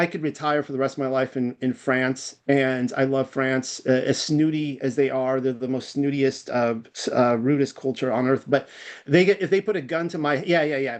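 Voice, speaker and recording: A man with a Californian accent, a guest in a casual online chat, rambling with fillers and restarts. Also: medium pitch. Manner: rambling, self-deprecating, many fillers and restarts. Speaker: podcast guest.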